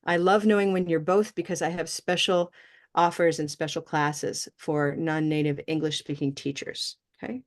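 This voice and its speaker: A woman's voice: sits low, little pitch movement, normal speed. A woman teaching an online English pronunciation class, encouraging and checking in with "okay?" often.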